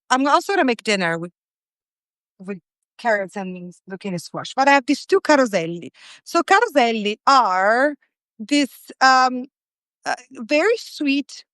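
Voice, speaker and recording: A woman's voice: on the high side, no room sound. A woman in her forties hosting a casual live stream, greeting viewers by name and chatting as she cooks. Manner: chatty, warm greetings to viewers, frequent restarts. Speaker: host of a live cooking stream.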